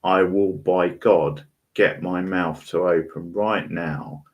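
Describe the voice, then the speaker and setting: Frightened young woman in a haunted house, read by a man; deep, slow, urgent delivery. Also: steady tone. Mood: frightened, desperate. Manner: desperate, emphatic pleading.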